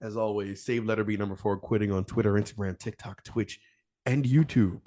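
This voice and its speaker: A man hosting a gaming podcast in casual chat, laid-back and quick to laugh. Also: lowish voice, fairly even intonation, warm tone. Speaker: podcast host.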